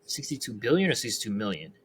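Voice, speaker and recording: A man co-hosting a casual podcast, talking in a low-key, hesitant way as he thinks aloud. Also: very animated, quick pace, slight background noise.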